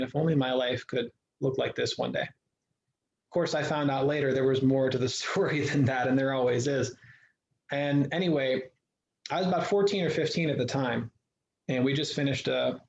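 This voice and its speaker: A man speaks as an interview guest, earnest and reflective, circling back and restarting as he tells his story. His voice sits at an ordinary middle pitch. The recording is echoey and a little dull and lo-fi, with a faint hiss underneath. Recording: echoey room, dull lo-fi sound.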